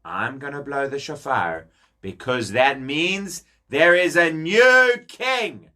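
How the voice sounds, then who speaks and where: A man's voice: on the high side, animated, slow pace, sharp tone, pitched below the performer's own voice, exaggerated voice. A man voicing a scheming, charming young prince in a children's story, overfriendly and gushing. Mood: sly.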